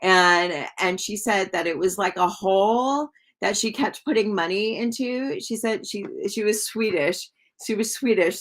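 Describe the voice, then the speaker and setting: Speaking at a medium pitch with a bit of brightness, a woman gives a live tarot reading in a loose, filler-heavy ramble. She talks to the people watching and greets them by name mid-reading.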